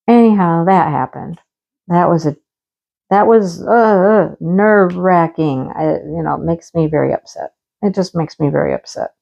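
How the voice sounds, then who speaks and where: A woman's voice: mid-range voice, animated, normal speed, gravelly, a little mellow, lo-fi sound. A woman hosting a casual crafting chat, telling a story in a chatty way and acting out the dialogue. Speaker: crafting channel host. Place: rural home.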